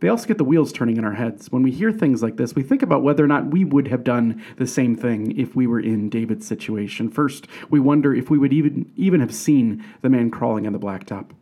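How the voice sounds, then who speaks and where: A man's voice: medium pitch, lively intonation, fairly quick, hardly any pauses, dark tone. A man, a pastor, preaching a sermon in a conversational way, with rhetorical questions and frequent restarts. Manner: restarts and repeated words.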